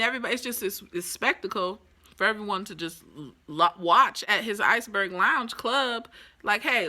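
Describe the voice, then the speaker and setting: A woman talking casually and with enthusiasm, reviewing a TV episode with chatty, animated asides. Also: fairly high pitch.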